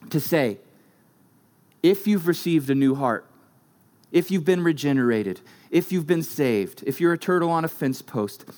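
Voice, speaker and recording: A man preaching a sermon as pastor, emphatic, driving points home with short repeated phrases. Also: fairly high pitch.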